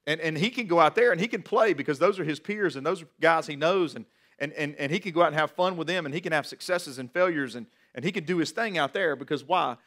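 Animated preaching man, slightly high voice. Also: fast talker. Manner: animated, repeats words while building a point. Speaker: pastor. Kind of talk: sermon.

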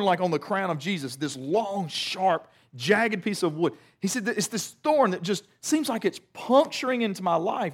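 A young man preaching a sermon, retelling scripture in plain conversational words with earnest emphasis. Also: sits high. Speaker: pastor.

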